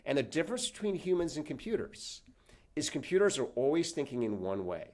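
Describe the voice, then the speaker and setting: A professor and author answers interview questions in a slightly high, fairly quick voice. He's an animated storyteller who acts out the people he quotes.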